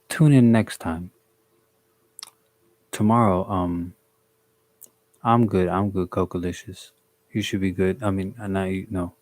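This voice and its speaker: A young man from the DC, Maryland and Virginia area chats on a live stream, telling a long story in a relaxed, slangy way. His voice sits low and stays fairly flat. He breaks off now and then to greet viewers by name. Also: dry recording. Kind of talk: casual storytelling on a livestream.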